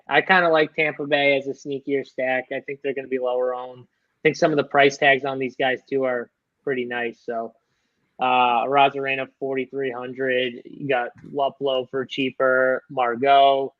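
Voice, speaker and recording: A man's voice: mid-range voice, fairly even intonation, normal speed, dry recording, muffled recording. A man giving baseball stacking advice on a live show, laid-back and rambling. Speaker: sports betting analyst. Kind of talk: casual analytical chat.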